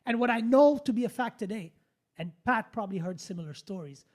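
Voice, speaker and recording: A man, hosting a podcast and telling a story in a casual, animated, blunt way, swearing freely and restarting sentences. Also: sits high, a little fast. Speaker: podcast host.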